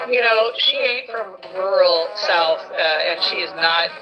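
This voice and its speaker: A woman's voice: lowish voice, a little slow, highs cut off. Pointed woman commentator over TV music. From rural North Carolina. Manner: critical, pointed. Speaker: political commentator. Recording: TV broadcast with music bed.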